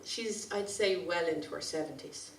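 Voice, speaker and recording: A woman's voice: on the low side, normal speed, gravelly, a little hiss or hum. Irish woman telling a story in a hall. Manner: chatty, anecdotal, colloquial. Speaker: community activist speaker. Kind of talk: storytelling speech at a conference. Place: conference hall. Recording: roomy sound from a distant mic.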